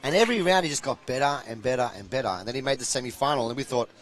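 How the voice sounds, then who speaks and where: A man's voice: mid-range voice, lively intonation, racing. A man hosting a live pool stream, eagerly promoting it and commenting at length.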